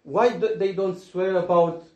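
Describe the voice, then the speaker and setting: A man preaching a sermon earnestly, swinging between loud emphasis and hushed asides. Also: sits high, fairly even intonation, unhurried, highs cut off. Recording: echoey room.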